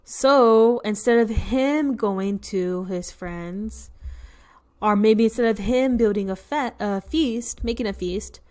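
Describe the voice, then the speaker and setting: A woman's voice: mid-range voice, takes it slowly, darkish tone. A woman reading a picture book to children, patiently explaining words and asking questions. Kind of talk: read-aloud lesson.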